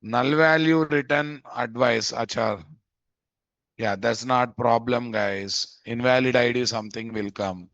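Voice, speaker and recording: A man's voice: mid-range voice, a little slow, a bit bright, no room sound. Casting note: male coding instructor, thinks aloud and repeats himself, dry lo-fi mic. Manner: thinks aloud, repeats phrases, often adds "guys?". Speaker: programming instructor. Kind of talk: live coding lesson. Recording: dull, dry lo-fi mic audio.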